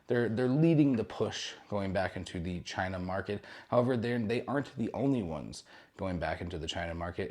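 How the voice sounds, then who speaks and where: A young man with a fairly low voice runs through cruise news in a loose, chatty way. He rambles, corrects himself mid-sentence and tosses in jokey asides. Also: a little mellow. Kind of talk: casual news roundup vlog.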